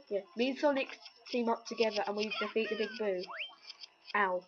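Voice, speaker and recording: A woman rambles through casual let's-play commentary, cracking jokes as she goes. Her voice sits a little on the high side. The recording is muffled and lo-fi, with loud game music running underneath. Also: normal speed. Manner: chatty, jokey, rambling. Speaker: gameplay commentator. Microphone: webcam or computer mic.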